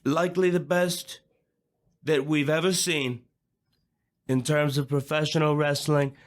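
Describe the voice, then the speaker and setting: A man's voice: fairly high pitch, little pitch movement, a little slow, lightly acted. A man playing a boastful older male president who tells crude jokes in a rambling, repetitive way. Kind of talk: comedic impression in an audio play.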